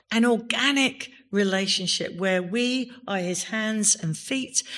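A woman's voice: on the low side, a bit bright. A woman pastor giving a sermon in a church, speaking with emphasis and rising to exclamations on key words.

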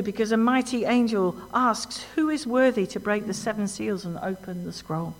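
A woman preaching a sermon in a church, animated and emphatic, often asking the congregation questions. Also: on the high side, moderate pace. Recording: long hall reverb.

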